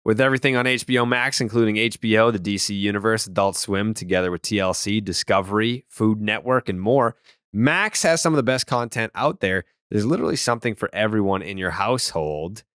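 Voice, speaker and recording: A man's voice: lowish voice, a little fast, fairly bright tone, clear, resonant tone, no echo, clean studio sound. A man hosting a casual sports podcast, reading ad copy with a joking edge and rattling off baseball stats. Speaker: podcast host.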